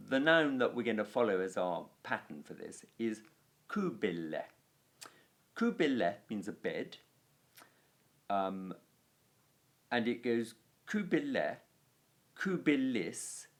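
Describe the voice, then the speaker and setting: Male Latin tutor for a grammar lesson, unhurried delivery, pitch that rises and falls a lot, chants noun endings, steady "okay" check-ins. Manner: patient, chants declension endings in rhythm; plain-spoken, checks in with frequent "okay". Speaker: Latin teacher.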